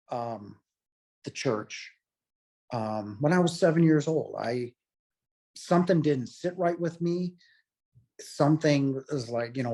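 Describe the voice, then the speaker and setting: A man's voice: medium pitch, darkish tone. A man in his late forties, a guest telling a personal story in an earnest, heartfelt and emotional way. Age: late 40s. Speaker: guest telling his near-death experience.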